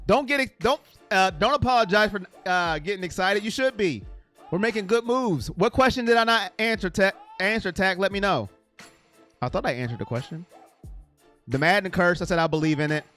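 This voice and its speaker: A man hosting a casual live stream chat, rambling excitably and reading viewer comments aloud. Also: sits high.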